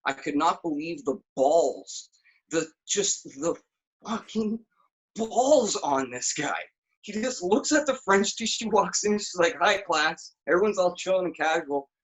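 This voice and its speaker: A man's voice: sits high, measured pace, slightly rough, poor audio. A man as a podcast guest, telling profane stories in casual chat. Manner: animated, profane storytelling.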